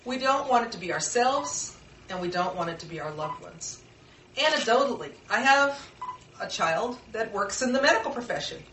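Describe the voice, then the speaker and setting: A woman's voice: a little high, expressive, normal speed, fairly bright tone, a little hiss or hum. A middle-aged woman giving an informal workshop talk, earnest and conversational, with personal stories. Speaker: workshop presenter. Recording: echoey room, mic far off.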